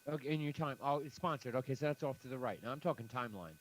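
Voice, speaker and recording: A man's voice: mid-range voice, expressive, racing, rough recording. A man in a loose podcast chat speaks bluntly and with emphasis. He swears often and says what he thinks. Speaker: podcast co-host. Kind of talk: casual chat.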